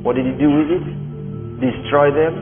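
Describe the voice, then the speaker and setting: A man pastor preaching a sermon in a large church hall, animated and full of dramatic repetition. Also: fairly high pitch, moderate pace, music in the background. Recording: thin phone-like sound in a reverberant hall.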